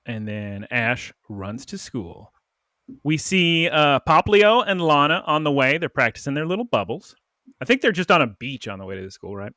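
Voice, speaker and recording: A man's voice: fairly high pitch, big pitch swings, normal speed, bright, forceful tone, no room sound, clean studio sound. A man co-hosting a podcast, recapping an episode in casual chat and slipping into little character voices. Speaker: podcast co-host.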